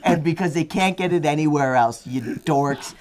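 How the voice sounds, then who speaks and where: A man's voice: on the high side, moderate pace, darkish tone, slight background noise. A man talking as a podcast guest in casual chat, swearing and ranting. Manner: profane, ranting.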